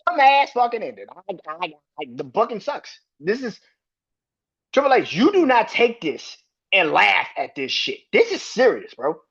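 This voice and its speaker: Husky man ranting with swinging pitch. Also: wildly swooping pitch, measured pace, fairly bright tone. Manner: profane, exasperated, repeats himself. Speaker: podcast host. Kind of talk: heated wrestling rant. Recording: dull lo-fi recording.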